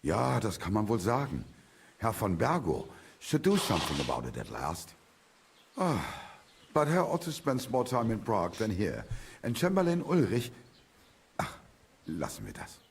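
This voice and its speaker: Husky german-accented village trader in a game, grumbly, suspicious of strangers, voice all over the place. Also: male voice, lowish voice, huge pitch swings, normal speed, slight background noise, full character voice. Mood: gruff. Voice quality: husky, wary of outsiders. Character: grumbling middle-aged male village trader. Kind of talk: video game voice acting.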